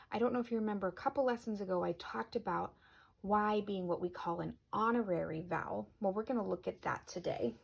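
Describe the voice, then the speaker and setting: Gravelly, husky woman teaching spelling. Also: mid-range voice, darkish tone. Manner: patient, clear, slows down on example words. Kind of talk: recorded spelling lesson for children.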